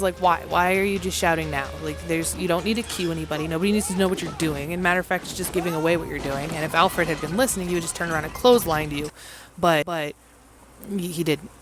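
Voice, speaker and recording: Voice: mid-range voice, fairly bright tone. A movie vlogger giving a casual, rambling and profane recap of a film, mimicking the characters in mock voices.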